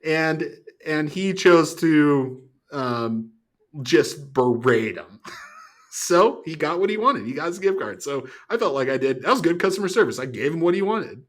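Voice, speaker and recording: Male podcast guest, middle-aged, casual and animated, with plenty of laughs. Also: fairly high pitch, measured pace. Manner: animated, laughs often, acts out the quoted people. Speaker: former grocery store manager. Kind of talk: casual storytelling.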